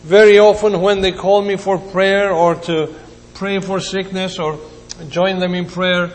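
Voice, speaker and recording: A man preaching a sermon as a pastor, telling stories slowly and with feeling, pausing between phrases. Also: sits high, little pitch movement. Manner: slow, emotional storytelling with pauses. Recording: long hall reverb, faint hum.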